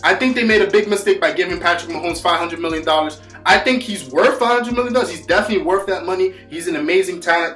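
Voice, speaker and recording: A man's voice: on the high side, echoey room. A man ranting about football in a vlog, swearing constantly and hammering his points with repetition. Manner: profane, insulting, swears constantly; rapid, forceful delivery with emphatic repetitions. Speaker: sports vlogger. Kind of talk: heated solo rant.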